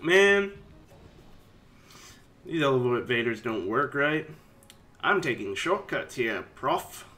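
A man giving casual let's-play commentary, rambling and chatty with sudden excited yelps. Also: mid-range voice, takes it slowly, pauses often. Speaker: game commentator.

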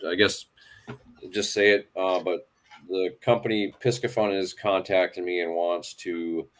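A man hosts a fishing channel's live stream in a relaxed way. His voice sits low. He asks his guests easygoing questions and reads out what viewers send in. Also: measured pace. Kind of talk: casual live-stream chat.

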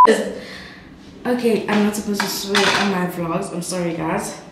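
A woman's voice: medium pitch, fairly even intonation, normal speed. A young woman vlogging casually at home, chatty and exclamatory, yelping now and then. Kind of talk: casual vlog narration. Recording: very echoey room, faint background noise.

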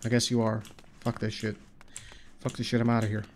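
A gaming streamer with a stuffy, blocked-up nose rambles, swears and grumbles at the video game he's playing, giving casual commentary. His voice is on the low side, a little mellow, with a flat, brisk delivery. Faint game music and keyboard typing sit behind slight background noise.

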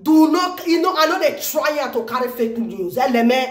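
Excitable high-voiced Nigerian woman. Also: moderate pace, roomy sound. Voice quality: animated, exclamatory, repeats herself. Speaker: vlogger. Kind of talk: excited news commentary vlog.

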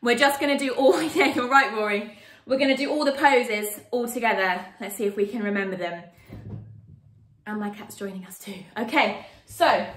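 A woman teaching kids yoga over a video call, her high, bright voice bouncing and sing-song as she calls out poses. She sounds a little away from the mic in an echoey room. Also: moderate pace, recorded from a distance. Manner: animated, playful, sing-song with children. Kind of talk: online kids yoga class.

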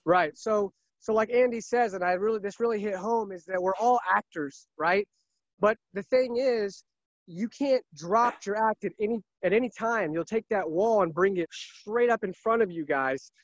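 A man's voice: sits high, normal speed, no echo, lo-fi sound. A man who sells cars, talking earnestly and emphatically in a casual interview, often repeating himself. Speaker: car salesman.

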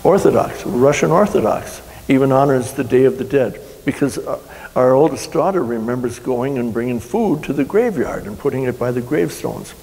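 Gravelly pastor preaching in a reverberant hall. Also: male voice, mid-range voice, expressive, normal speed, warm tone. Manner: rambling, folksy storytelling with many restarts. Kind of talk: sermon.

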